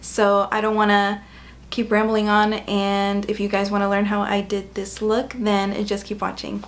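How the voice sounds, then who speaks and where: A woman's voice: medium pitch, completely flat delivery, normal speed, background noise. A woman beauty vlogger talking viewers through a makeup tutorial in a chatty, upbeat way. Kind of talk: casual makeup tutorial narration.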